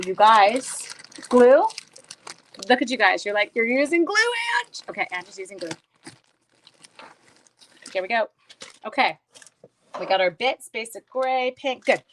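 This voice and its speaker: A woman hosting a crafting livestream, chatting casually with viewers and teasing herself while she works. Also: mid-range voice. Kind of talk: casual crafting chat, reading viewer comments. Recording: faint background noise.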